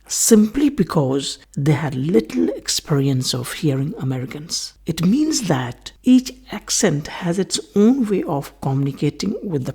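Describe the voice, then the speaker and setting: A man's voice: on the high side, gravelly, darkish tone, husky. A man giving a recorded English language lecture, methodically repeating key terms and moving on with set phrases. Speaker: English teacher.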